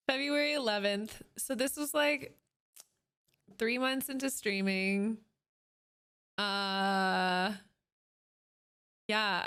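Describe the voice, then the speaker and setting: Reacting to old clips on stream, a woman in her late twenties talks casually in a medium-pitched voice. She laughs frequently, swears without restraint and bursts into loud excitement.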